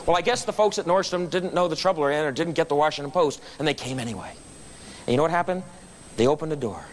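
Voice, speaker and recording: A man's voice: fairly high pitch, quick pace, a little hiss or hum. A man giving a storytelling speech at a club meeting, acting out the voices of people in his anecdotes. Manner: animated storyteller acting out quotes. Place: meeting room.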